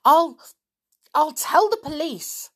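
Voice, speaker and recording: A woman's voice: mid-range voice, sing-song, a little slow, breathy edge, pitched above the performer's own voice, exaggerated voice. A woman voicing a fierce, dog-loving tomboy girl who speaks with fiery indignation in a storybook. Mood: furious.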